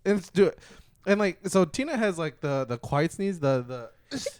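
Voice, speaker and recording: A man co-hosts a casual podcast and slides up and down in pitch as he tells animated stories. His voice sits a bit high and sounds dry and close to the mic. He swears freely and acts out what others said. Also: normal speed, smooth, no room sound. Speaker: podcast co-host. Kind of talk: casual chat.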